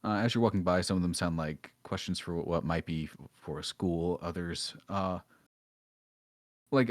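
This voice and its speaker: Low-voiced male dungeon master, relaxed, loose scene descriptions, dry recording. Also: moderate pace, no room sound. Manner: relaxed, filler-heavy descriptions. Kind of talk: narrating a tabletop game.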